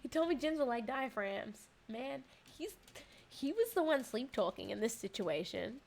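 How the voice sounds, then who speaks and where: A woman streaming a game and chatting casually, telling stories with lively laughter. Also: fairly high pitch, normal speed, gravelly. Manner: animated storyteller, laughs while telling. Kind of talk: casual gaming chat.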